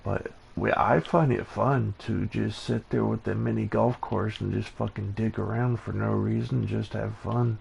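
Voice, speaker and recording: A man hosting a live stream in casual chat, laid-back and profane, laughing often, with a gravelly voice. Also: lowish voice, steady tone, measured pace, few pauses, darkish tone, muffled recording, slight background noise.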